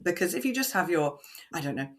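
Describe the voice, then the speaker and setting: A woman who works as a voice coach answers podcast interview questions, speaking fast in a fairly low pitch. She's expressive and animated, acting out the lines she quotes.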